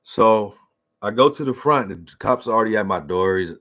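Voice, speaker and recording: A man's voice: fairly low pitch, lively intonation, moderate pace, fairly bright tone. A middle-aged man telling a personal story in a casual, profane and emotional rant.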